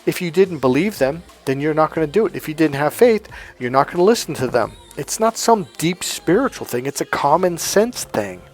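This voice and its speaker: A man giving a casual spiritual monologue as a coach, animated and self-assured, often laughing at his own points. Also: on the high side, normal speed, few pauses, soft background music.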